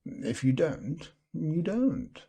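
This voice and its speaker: Man voicing guarded gentleman, hesitant, reflective, slow, husky. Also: a little high, sing-song, voice pushed up, exaggerated voice. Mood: musing. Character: thoughtful, guarded gentleman explaining secret gestures.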